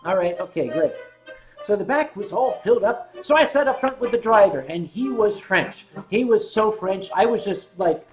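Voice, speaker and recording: An American man hosting a livestream and telling a rambling, self-mocking story, with now and then a cleared throat. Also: high-pitched, normal speed, hardly any pauses, soft background music, low-quality recording. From United States. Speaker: host.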